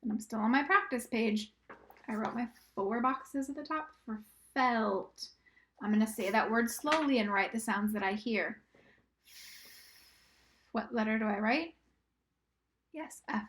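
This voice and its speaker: In a recorded reading and writing lesson for young children, a woman with a fairly high voice teaches patiently and encouragingly. She sounds out words slowly and sometimes drops to a whisper.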